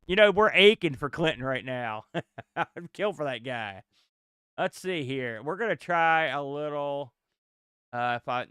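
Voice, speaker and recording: A man streaming retro games live, reacting loudly with yelps, groans and frequent laughter as he plays. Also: mid-range voice, smooth, no echo, clean studio sound. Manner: excitable, yelps and groans at the game, laughs often. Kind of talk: excitable live gameplay commentary.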